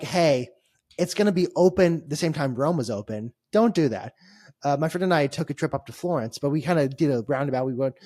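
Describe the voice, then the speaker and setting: A man's voice: a little high, darkish tone, no echo, clean studio sound. A man co-hosting a podcast, telling a long travel story in a rambling, wry, exasperated way. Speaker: podcast co-host. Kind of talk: casual chat.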